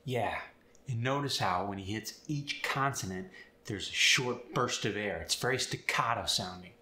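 A man teaching accents and explaining sounds step by step in an upbeat, clear way. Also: fairly low pitch, moderate pace, bright, forceful tone, echoey room. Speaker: accent coach. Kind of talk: instructional video.

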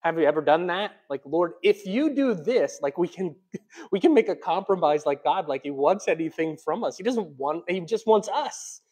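A man preaching a sermon as pastor, conversational, swinging between quiet asides and loud emphatic peaks. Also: a little high, normal speed, slightly rough. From United States. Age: adult, childhood long past.

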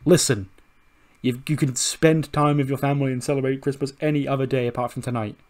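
A man's voice: medium pitch, fairly even intonation, a little fast, a little mellow, lightly acted. A man voicing a male wrestler who urgently rallies his distracted teammates before a match.

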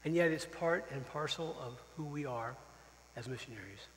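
A man's voice: medium pitch, moderate pace, long reverb tail, a little hiss or hum, low-quality recording. Emotional missionary man preaching farewell. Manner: earnest, openly emotional, repeats phrases for emphasis. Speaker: missionary pastor. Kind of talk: farewell sermon. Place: church sanctuary.

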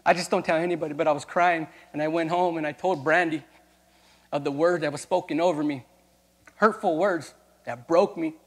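Guy pastor with a high voice, telling his testimony in a sermon, gets loud and fired up, calls out to the crowd. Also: fairly even intonation, a little fast, in a large hall. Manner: emotional, rising to loud impassioned preaching with calls to the crowd. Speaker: youth pastor.

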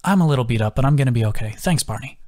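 A man voicing an injured young man who jokes wryly through breathy exhaustion, in an audiobook. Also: medium pitch, animated, very fast, a little mellow, close to an everyday voice. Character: injured young man, wry joker, weak.

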